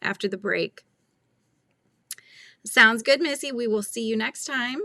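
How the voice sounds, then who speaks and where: Chatty woman with a gravelly edge. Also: fairly high pitch, a little slow, no echo. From California. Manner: thinks aloud, reads viewer comments and pattern steps softly. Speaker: crochet livestream host. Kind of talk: casual live chat while crocheting.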